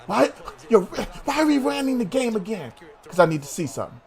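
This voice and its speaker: A man's voice: high voice, big pitch swings, a little fast, vocal fry, darkish tone. A man hosting a sports talk show, arguing heatedly with a co-host, swearing and calling him bruh.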